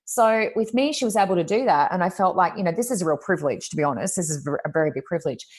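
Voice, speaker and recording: A woman's voice: on the low side, expressive, very fast, darkish tone, breathy edge. A woman, a psychic medium, chatting in an interview with many fillers, acting out what people said. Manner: chatty, lots of "you know" fillers, acts out quotes. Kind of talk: casual interview storytelling.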